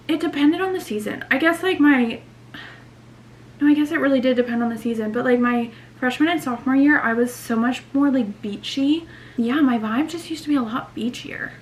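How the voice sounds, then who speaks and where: A woman's voice: sits high, a bit bright, a little hiss or hum. Rambling chatty young woman vlogger. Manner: rambling, indecisive, filler-heavy. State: out of breath. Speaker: beauty vlogger. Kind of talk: casual chatty vlog to camera. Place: at home, indoors. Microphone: camera mic, later phone on a tripod.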